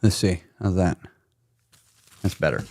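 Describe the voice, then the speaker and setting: His voice is low-pitched and a little slow, with a darkish tone. As a weight loss coach hosting a casual live stream, he speaks directly to his audience, teasing and pushing them while laughing often.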